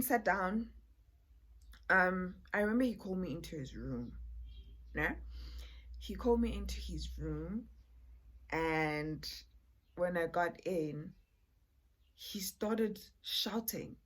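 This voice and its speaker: A woman's voice: on the low side, animated, slow, long pauses. A woman, chatting to her viewers in a casual storytime vlog. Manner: chatty, addresses viewers as "guys", many fillers. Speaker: vlogger.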